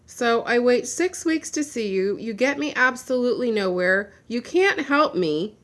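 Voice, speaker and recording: A woman's voice: a little high, lively intonation, unhurried, few pauses, a bit bright. Woman venting in a frustrated rant. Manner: blunt, swears. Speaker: vlogger. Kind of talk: personal video update.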